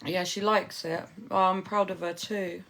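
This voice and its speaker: A woman's voice: lowish voice, steady tone, a little slow, creaky, fairly bright tone. A woman, a livestreamer and new mother, chatting casually and affectionately with her viewers from home while reading out their messages.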